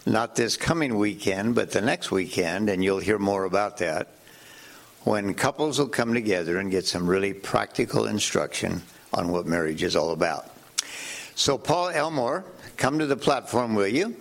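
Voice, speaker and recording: A man's voice: on the low side, expressive, normal speed, creaky. A man, the church's pastor, giving an announcement and then introducing a guest speaker with personal thanks.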